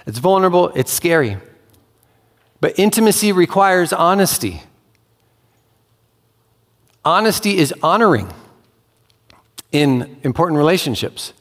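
A male pastor delivers an earnest, conversational sermon and slips into quick acted-out quotes. His voice sits a bit high for a man. The sound carries a long, echoing reverb of a large hall. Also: sing-song.

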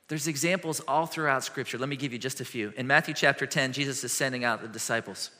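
A middle-aged man preaching a sermon as a pastor, telling stories with lively swings between loud and hushed. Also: medium pitch. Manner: animated storytelling with quick shifts from loud to hushed. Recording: long hall reverb.

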